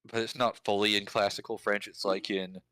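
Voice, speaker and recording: A man with a very low voice explains points at length, pausing on fillers as he thinks aloud. His tone is bright and forceful, and the sound is dry and close, with no room echo. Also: flat delivery. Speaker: lyric and language helper. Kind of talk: casual explanatory chat.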